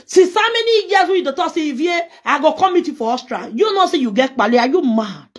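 A woman's voice: sits high, expressive, quick pace. A Nigerian woman delivering a heated, scolding rant in which she trades insults. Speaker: social media personality. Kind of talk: angry response rant.

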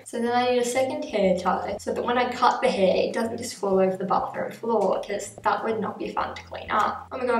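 A young woman vlogging at home, talking to the camera in a nervous, rambling, self-mocking way while she cuts her own hair. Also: fairly high pitch. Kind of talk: casual talk to camera. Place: home bathroom. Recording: echoey bathroom, mic at a distance.

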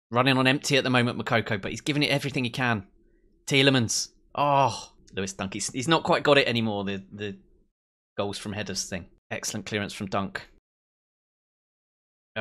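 A young man commentating on his own football management game, excitable, cheering his team and mocking rivals. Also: lowish voice. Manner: excitable, swears and mocks players. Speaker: let's play host.

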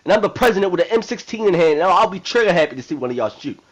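A man's voice: high-pitched, expressive, racing, highs cut off, slight background noise. A man voicing a brash, hot-tempered male president in a video game role-play drama, rambling in profane street slang. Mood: defiant.

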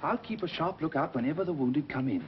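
A man's voice: fairly high pitch, expressive, fast. A man speaking kindly and coaxingly in a 1930s film. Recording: dull old film soundtrack with hiss.

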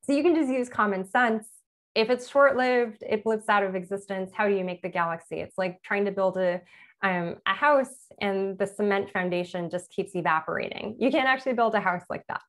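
Woman physicist, author-talk lecturer, plain explainer, medium pitch, informal. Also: fairly quick. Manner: explains plainly with everyday examples, self-correcting. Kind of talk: conversational public lecture.

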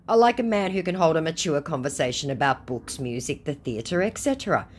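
A woman's voice: deep voice, lively intonation, fairly quick, husky. A woman in her forties sarcastically retelling a chat with a scammer. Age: 40s. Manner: sarcastic, dry. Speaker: scambaiting storyteller. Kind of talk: comic retelling of chat messages.

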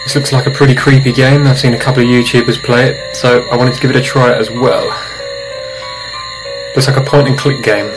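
A man's voice: mid-range voice, level tone, a little fast, low-quality recording. A man hosting a let's-play, making jokes and jumpy reactions while playing a horror game. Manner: jokey, jumpy reactions to scares. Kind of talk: casual gameplay commentary. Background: horror game music.

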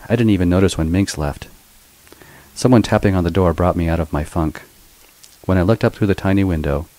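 A man's voice: deep voice, a little mellow, dry recording, poor audio. A man narrating his own first-person story in a wry, sarcastic way. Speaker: author and narrator.

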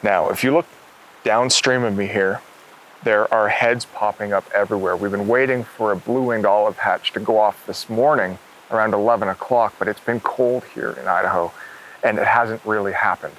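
A man's voice: on the low side, moderate pace, a little hiss or hum, poor audio. A middle-aged man hosting an outdoor fishing show, talking with enthusiasm on a river. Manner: enthusiastic, excitable.

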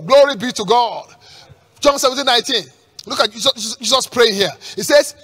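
A pastor preaching a sermon with emphatic call-and-response questions, repeating words and breaking into shouts at the peaks. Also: male voice, very high-pitched, brisk, slightly rough.

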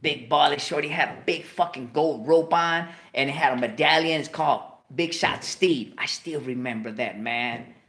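La guy hosting, kinda high voice, swearing a lot telling a story. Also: moderate pace. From South Central Los Angeles. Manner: profane, animated, slips into voices of people in his story. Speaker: host. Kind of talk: casual storytelling.

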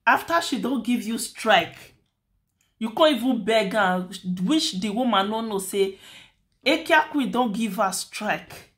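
A woman's voice: a little high, lively intonation, measured pace, a bit bright. A woman with a Nigerian accent hosting a commentary channel, talking through a dispute in a chatty, lecturing way and repeating her points. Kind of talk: casual commentary in Nigerian Pidgin.

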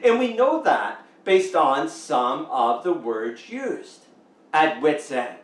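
Canadian male pastor, slow emphatic sermon, roomy church echo. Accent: Canadian English. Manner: slow, emphatic preaching with rising, lively pitch. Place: church sanctuary. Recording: echoey church room, mic at a distance.

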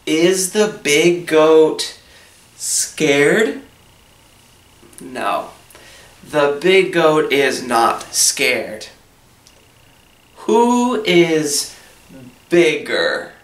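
A man's voice: a little high, very animated, extremely slow, pauses often. A man teaching an English lesson, asking simple questions about a story and then answering each one in plain words. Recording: echoey room, voice from a distance.

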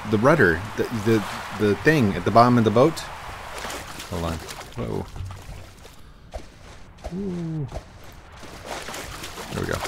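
A man rambling excitably through casual gameplay commentary into a desk microphone, putting on a playful accent, with lots of fillers and laughs. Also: mid-range voice, background noise. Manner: talks in a put-on playful accent. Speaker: gamer hosting his own channel.

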